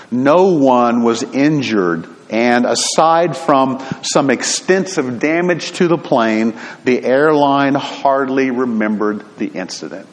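A male preacher delivers a sermon at an unhurried pace, telling a story in an earnest, deliberate way. His mid-range voice carries a long reverb, as if spoken in a large hall. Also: mid-range voice.

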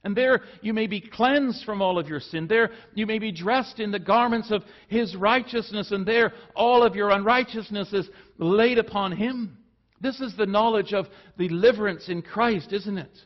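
Earnest male preacher, muffled recording. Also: normal speed. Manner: earnest preaching, rising for emphasis then dropping low and soft. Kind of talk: sermon.

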